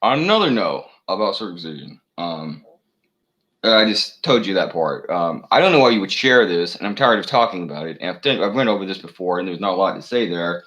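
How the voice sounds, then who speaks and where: A man's voice: deep voice, expressive, fairly quick, a bit bright, rough recording. A man delivering a rambling solo rant to camera, full of profanity, fillers and false starts. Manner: profane, meandering, many fillers and restarts. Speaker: channel host.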